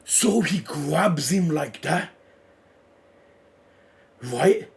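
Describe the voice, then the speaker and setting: Male manga reactor, unhurried delivery, alternates hype yelling with murmured play-by-play. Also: gravelly. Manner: swings between loud excited shouting and low muttered reading-along. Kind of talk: live reaction commentary.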